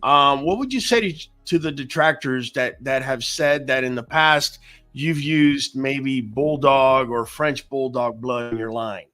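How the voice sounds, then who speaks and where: A man hosting a casual interview, relaxed and laid-back, with frequent fillers and slang. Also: mid-range voice, measured pace, soft background music. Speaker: podcast host.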